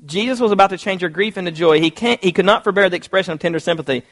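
A man preaching a sermon, reading scripture aloud and acting out quotes in a lively, conversational way. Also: high-pitched, very fast. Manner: animated, conversational, acts out quotes.

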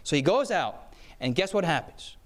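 A man's voice: on the high side, big pitch swings, moderate pace. A man giving a sermon, telling stories and checking in with his listeners as he goes. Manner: engaging, checks in with listeners with "okay?" and "yes?"; acts out quoted voices mid-story. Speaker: preacher giving a talk on time management. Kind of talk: sermon with storytelling.

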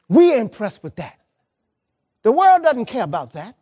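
Pastor guy preaching, high voice that jumps all over, emphatic, keeps repeating himself. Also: a little slow, slightly rough. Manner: animated, emphatic, colloquial, repeats words. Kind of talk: lively sermon.

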